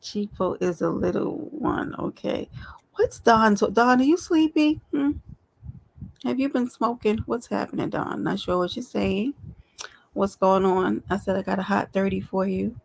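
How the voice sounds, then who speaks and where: A woman's voice: mid-range voice, unhurried, gravelly. A woman hosting a casual live stream, talking straight to her viewers in a chatty, affectionate way. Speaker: livestream host.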